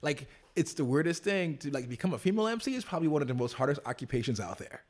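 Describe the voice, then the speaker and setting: A man with a slightly high, very lively voice talks in a loose, rambling way. He keeps restarting his sentences in casual podcast chat. His pitch swings widely as he talks. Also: racing. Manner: animated, rambling, many restarts. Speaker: podcast co-host.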